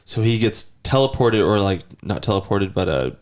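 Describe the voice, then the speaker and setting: A man's voice: on the low side, sing-song, normal speed. A man in his thirties telling rambling stories in casual podcast chat, sometimes mimicking a child's whiny voice. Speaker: podcast host.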